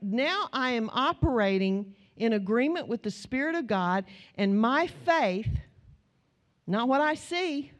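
A middle-aged American woman preaching to her congregation in a fairly high voice. She talks like she's telling stories to friends, then presses her points with slow, emphatic repetition. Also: animated. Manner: storytelling, conversational, rising to emphatic repetition. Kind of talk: sermon.

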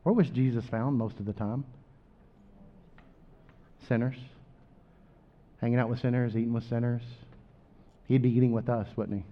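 A man's voice: medium pitch, steady tone, normal speed, long pauses. Preaching man with dull recorded sound. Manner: rises loud on scripture, drops quiet for asides. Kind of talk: sermon.

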